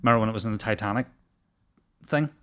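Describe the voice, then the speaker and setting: A man's voice: fairly low pitch, fast talker, a bit bright, clear, resonant tone. A man, a guest on a comedy podcast, chatting in a self-deprecating way and laughing often. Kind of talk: casual comedy banter.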